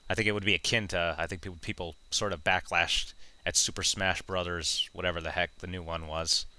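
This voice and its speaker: Deep-voiced man hosting a casual gaming podcast. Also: fairly even intonation, fairly quick, pushed and bright, clean tone. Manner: chatty, laughs often, many fillers. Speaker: podcast host reading gaming news. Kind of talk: casual chat.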